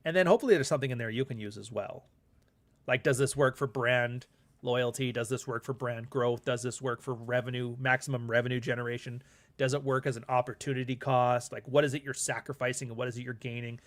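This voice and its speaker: A man in a casual vlog monologue, speaking at a mid-range pitch. He rambles candidly and swears freely as he talks. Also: fairly even intonation, fairly quick. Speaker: podcast host and author.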